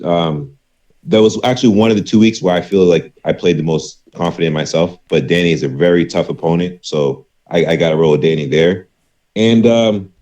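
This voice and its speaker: Guest, male, very low voice, easygoing chatty delivery. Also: darkish tone. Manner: easygoing, filler-heavy, quick picks. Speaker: guest panelist. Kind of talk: casual panel chat.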